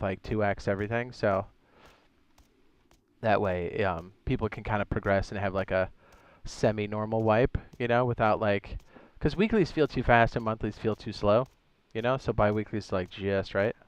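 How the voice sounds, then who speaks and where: A man hosts a casual game live stream. His voice is smooth and resonant, and the recording is close and dry. He chats easily, reads out viewer messages and often stops to correct himself. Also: lowish voice, moderate pace, no echo, muffled recording. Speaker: streamer and server host.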